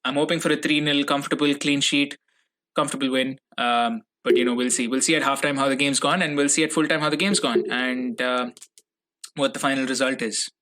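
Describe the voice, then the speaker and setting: Bright-voiced young man ranting about football. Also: medium pitch, fairly even intonation, a little fast. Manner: ranting, swearing, repeats himself when angry. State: furious. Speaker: fan podcast host. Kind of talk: solo football reaction podcast.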